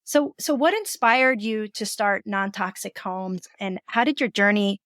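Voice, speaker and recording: A woman's voice: mid-range voice, measured pace, fairly bright tone, dry recording. A woman hosting a casual podcast interview, affirming and encouraging her guest as she asks questions. Her voice sits in a middle range. The sound is dry and close-miked. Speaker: podcast host.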